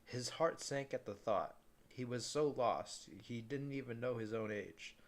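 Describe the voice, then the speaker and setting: A man's voice: mid-range voice, a little slow. A man reading a novel aloud in a casual way, often stumbling and restarting words.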